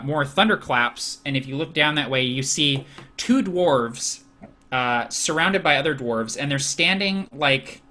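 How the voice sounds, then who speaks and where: A man's voice: mid-range voice, pushed and bright. A man narrating a tabletop game as game master, casual and full of fillers.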